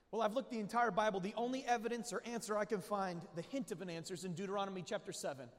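A man preaching a sermon to a live audience, emphatic and full of questions to the crowd, rising to shouts. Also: high-pitched, fairly even intonation, racing, few pauses. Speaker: pastor. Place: large hall with audience. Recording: long hall reverb.

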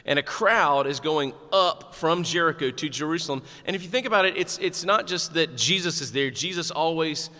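Male pastor, animated conversational sermon, bright tone, echoing sanctuary. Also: fairly high pitch, normal speed, hardly any pauses. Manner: animated, conversational preaching with humor.

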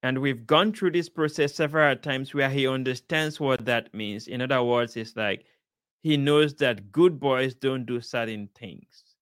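A father speaking earnestly about the power of words, encouraging listeners with measured emphasis and repeated points. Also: mid-range voice, fairly bright tone, dry recording, clean studio sound. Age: adult, father of a young child. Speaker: speaker sharing life advice. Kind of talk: slow inspirational talk.

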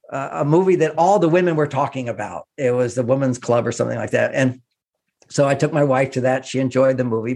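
A man's voice: fairly high pitch, gravelly. A middle-aged man giving relationship advice, telling stories and acting out the voices of people he quotes. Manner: animated, acts out quoted voices. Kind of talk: warm advice talk with stories.

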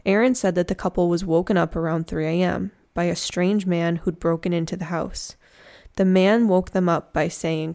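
A woman's voice: lowish voice, fairly even intonation, normal speed, mellow. A woman telling a true crime story in a casual, chatty way, with slangy joking asides.

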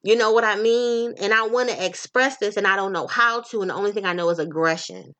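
A woman hosting a podcast, speaking in a casual, profane, animated monologue about relationships and addressing her listeners directly. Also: mid-range voice, brisk.

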